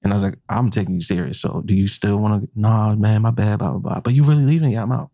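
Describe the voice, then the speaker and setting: A man's voice: on the low side, quick pace, creaky, no room sound, studio quality. A man, a chef and podcast co-host, telling a profane workplace story in casual talk and acting out the quotes. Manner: animated, profane, acts out quotes.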